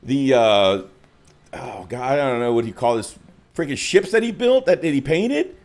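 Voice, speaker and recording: A man co-hosting a casual live hobby show, joking, laughing often and slipping into gruff impressions. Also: mid-range voice, expressive, moderate pace, darkish tone. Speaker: co-host. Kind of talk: casual podcast banter.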